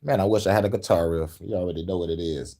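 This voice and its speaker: A middle-aged man hosting a casual rant podcast, profane and animated, laughing often and shouting at times. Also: sits low, quick pace. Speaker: podcast host.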